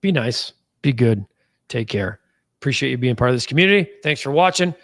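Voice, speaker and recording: A man hosting a sports talk show, chatting casually and giving upbeat shout-outs to viewers by name. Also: mid-range voice, expressive, a little fast. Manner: folksy betting talk. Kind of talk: casual live-show sign-off, reading out viewer comments.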